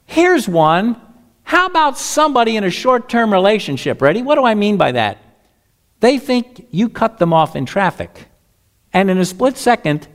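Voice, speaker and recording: High-voiced, lively male preacher. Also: unhurried. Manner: preaching with scripture readings and rhetorical questions. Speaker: pastor. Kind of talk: sermon.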